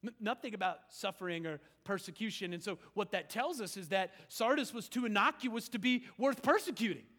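A male pastor preaching in a conversational way, swinging from loud emphasis to hushed lines in a church sanctuary. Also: sits high, animated, fairly quick, few pauses, big-room sound. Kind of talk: sermon.

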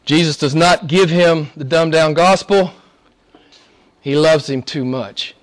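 High-pitched guy pastor preaching, emphatic, loud then hushed. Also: measured pace. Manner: emphatic, swings between loud exclamations and hushed asides. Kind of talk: sermon.

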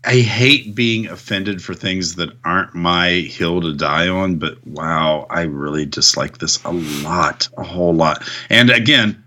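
A man's voice: low voice, a little slow, few pauses, pushed and bright. A man co-hosting a casual wrestling podcast who sounds exasperated and slips into mocking voices. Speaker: podcast co-host.

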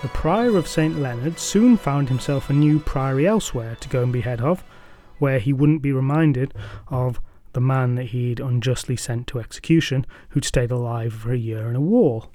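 A man narrating a folk tale with a measured, dramatic and wryly humorous delivery. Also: medium pitch, mellow, faint music behind. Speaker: storyteller. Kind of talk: scripted storytelling narration.

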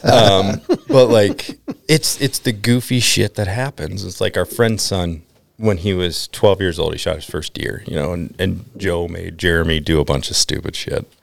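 A man's voice: low-pitched, normal speed, creaky. A man from Minnesota, a podcast guest, telling rambling stories in casual chat, laughing often and leaning on "I mean" and "like". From Minnesota, USA.

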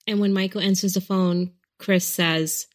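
A woman co-hosting a podcast, retelling a story in casual chat and acting out the quoted lines in quick bursts. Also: mid-range voice, fairly even intonation. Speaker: podcast co-host.

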